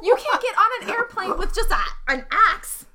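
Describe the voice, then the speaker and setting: A woman in her thirties playing in a tabletop game, animated and joking as she argues her case. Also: very high-pitched, normal speed, very noisy. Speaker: player. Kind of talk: casual tabletop role-play.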